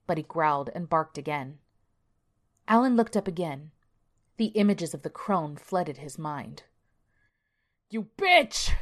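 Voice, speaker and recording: A woman reads a scripted horror tale in a steady, measured manner. Her voice sits a little low, and she sinks toward a hush when the story turns tense. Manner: measured, steady storytelling, drops to near-whisper in tense moments. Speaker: podcast narrator.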